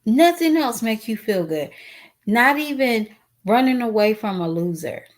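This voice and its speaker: Slow-talking outspoken woman vlogger. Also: fairly high pitch, expressive. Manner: outspoken, emotional, talks straight to viewers. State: tearful, voice cracking. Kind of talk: casual commentary vlog.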